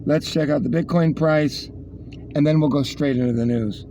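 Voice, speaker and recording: A man's voice: on the high side, normal speed, mellow, slight background noise. A man hosting a casual news rundown, rambling with sarcastic asides. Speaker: host reading the news.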